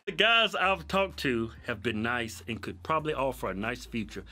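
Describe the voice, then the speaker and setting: A man's voice: medium pitch, expressive, moderate pace, pushed and bright. A man co-hosting a casual comedy chat, mumbling and teasing crudely. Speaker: co-host.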